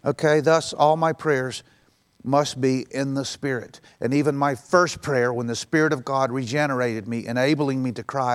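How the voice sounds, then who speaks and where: A man's voice: medium pitch, steady tone, moderate pace. A middle-aged male pastor preaching a sermon in a conversational way, acting out quoted voices in passing.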